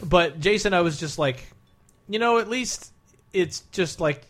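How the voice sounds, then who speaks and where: A man's voice: high-pitched, animated, measured pace, fairly bright tone. A man co-hosting a casual chat, enthusiastic and swearing freely as he tells stories. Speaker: podcast co-host.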